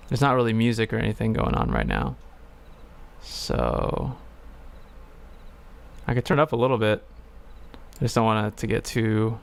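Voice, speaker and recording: A man's voice: fairly low pitch, creaky. A man streaming a game, talking casually in a rambling, hesitant way and swearing now and then.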